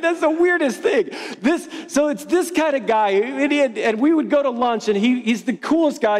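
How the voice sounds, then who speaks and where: A man with a high voice preaches in a loose, chatty, self-mocking way, telling anecdotes to his congregation. His words ring out with a long reverb, as in a large church hall. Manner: casual, conversational, playful and self-deprecating. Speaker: pastor. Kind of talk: sermon with storytelling.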